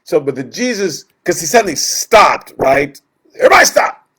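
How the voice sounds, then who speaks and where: A man's voice: a little high, expressive, normal speed, fairly bright tone, husky. A man leading a Bible study, teaching in a conversational way, with lots of fillers, who acts out the voices in the stories he retells.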